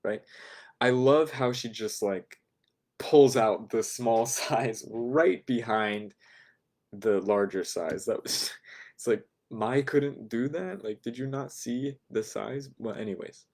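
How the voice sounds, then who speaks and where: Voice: medium pitch, takes it slowly, darkish tone. A language teacher explaining a lesson in a chatty way, with ums and laughing asides.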